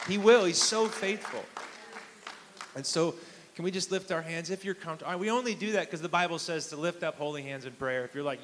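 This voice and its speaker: This thirty-something pastor speaks fairly quickly, his slightly high voice carrying a fairly bright tone as he preaches to a live congregation in a church hall. His delivery is conversational and emphatic, full of questions for the listeners. The rough recording has a little hiss or hum.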